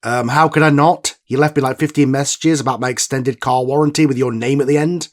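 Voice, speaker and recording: In a scripted comedy sketch, a man plays himself as the show's writer and creator, sounding weary, exasperated and matter-of-fact. His voice is mid-range with fairly even intonation and a brisk pace.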